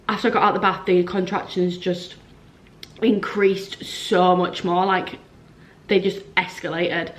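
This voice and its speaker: A woman's voice: fairly low pitch, a bit bright. Chatty young woman. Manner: chatty, frequent "like", acts out quoted dialogue. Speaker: vlogger. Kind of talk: casual storytelling to camera.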